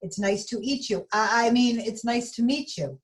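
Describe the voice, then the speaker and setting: A woman's voice: medium pitch, unhurried, natural voice. A woman voicing Mister Bing, a timid grown man who stammers sheepishly, in a storybook reading.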